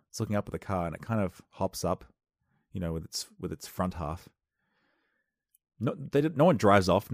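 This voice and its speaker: A man doing a rambling comic monologue into a close microphone, wry and self-interrupting, with sudden loud outbursts. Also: deep voice, dry recording. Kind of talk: comedic podcast monologue. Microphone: close studio microphone.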